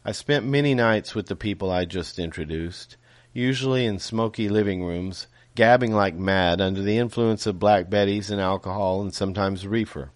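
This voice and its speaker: Low-voiced man reading his own novel. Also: dry recording. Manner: measured reading with small self-corrections. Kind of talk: audiobook reading with casual asides.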